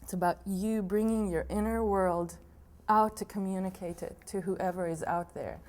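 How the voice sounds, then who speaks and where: A woman from Israel, a dance teacher, speaking in a documentary interview, thoughtful and quick to laugh. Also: medium pitch, steady tone, a little mellow, slight background noise. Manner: slow, thoughtful, laughing often.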